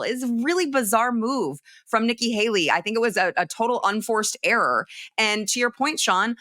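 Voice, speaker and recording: A female guest on a political talk show with a bright, sharp-edged voice. She talks casually, with plenty of fillers and quick asides. The sound is close and dry. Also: mid-range voice, animated, dry recording. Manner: conversational, with frequent fillers and quick agreement. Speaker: commentator guest.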